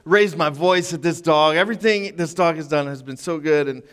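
A man's voice: fairly high pitch, normal speed, a bit bright. A man preaching a sermon in a casual, conversational storytelling way, full of fillers. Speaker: pastor. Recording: long hall reverb.

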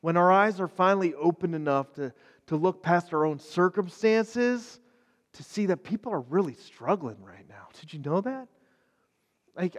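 A man preaching an online sermon in a conversational, earnest way, swinging between hushed, quiet passages and fervent, rising ones. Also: high voice. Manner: conversational, with many fillers. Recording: long reverb.

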